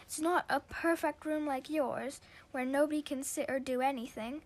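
An exasperated young girl defending her own room, as a woman voices her in a story. She argues back with indignant, rising protests. The voice stays bright and a little high. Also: steady tone, moderate pace, a little hiss or hum, close to an everyday voice.

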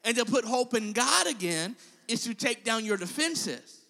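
A man's voice: very high-pitched, animated, normal speed, vocal fry, sharp tone, big-room sound. A male preacher giving an impassioned sermon and calling out to his congregation. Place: church.

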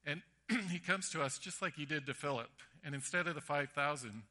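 A man's voice: fairly high pitch, fairly quick. A man preaching a sermon, telling stories animatedly and acting out the voices. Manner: animated storytelling with acted-out voices.

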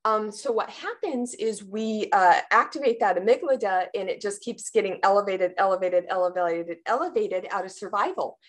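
Animated woman explaining trauma therapy. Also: medium pitch, normal speed, hardly any pauses. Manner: animated, acts out panicked inner voices with gasps. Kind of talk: explanatory interview answer.

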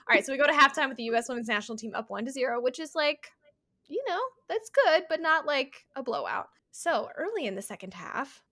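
A woman co-hosting a casual sports podcast, animated and laughing often. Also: on the high side, slightly rough, dry recording. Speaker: podcast co-host.

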